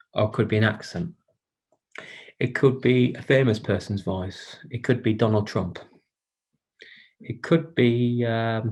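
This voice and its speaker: A man guides an online workshop over a video call with a gentle, inviting manner. His voice has a gravelly, husky edge. He pauses and restarts often as he speaks, and his pitch sits in an ordinary middle range. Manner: gentle, inviting, hesitant with many restarts and "sort of". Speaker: workshop presenter for carers.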